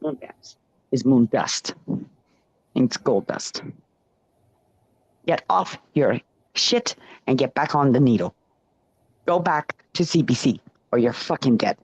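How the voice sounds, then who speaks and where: A man's voice: fairly high pitch, no room sound. A man ranting in a rambling, profane stream of consciousness, sometimes slipping into sing-song chanting. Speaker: ranting monologuist. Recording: dull lo-fi dry recording.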